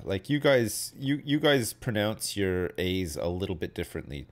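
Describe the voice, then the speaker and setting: A man's voice: low-pitched, very animated, normal speed, hardly any pauses. A man in his thirties, hosting a game stream in casual chat, rambling with lots of hedges and tag questions. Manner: rambling, hedging, many fillers and tag questions. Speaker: streamer host. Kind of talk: casual chat while gaming.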